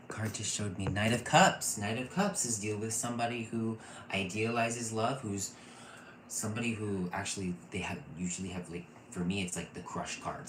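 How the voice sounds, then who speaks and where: A man in his thirties teaching a casual online intuition class, gushing and excitable and often laughing. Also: fairly low pitch, moderate pace. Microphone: computer mic, off camera. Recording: echoey room with faint noise.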